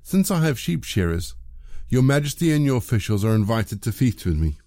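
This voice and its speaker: A man's voice: mid-range voice, big pitch swings, fairly quick, dark tone, no room sound, studio quality. A man reading as a scheming young prince. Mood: pleading.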